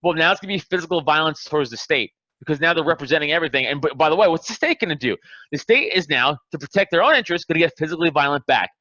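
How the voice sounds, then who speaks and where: A man's voice: on the high side, expressive, rapid-fire, sharp tone, no room sound, dull audio. A man hosting a casual podcast chat, ranting in a heated, profane, emphatic way. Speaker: podcast host.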